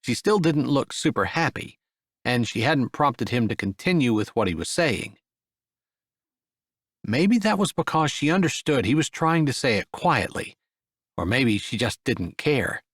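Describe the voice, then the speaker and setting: A man reads a romance audiobook at a medium pitch, his intonation rising and falling with each line. The sound is dry and close, with no room around the voice. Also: very animated, a little slow, a bit bright, dry recording. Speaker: audiobook narrator. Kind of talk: scripted narration.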